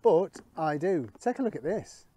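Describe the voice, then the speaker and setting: Detecting outdoors, a middle-aged vlogger chats casually with viewers and thinks aloud about his finds. He speaks at a normal pace in a fairly high, dark, slightly rough voice with big swings in pitch.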